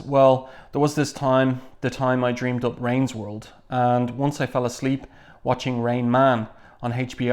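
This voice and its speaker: A middle-aged man giving a casual spoken review of a comic book, halting often with ums and uhs. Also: mid-range voice, darkish tone.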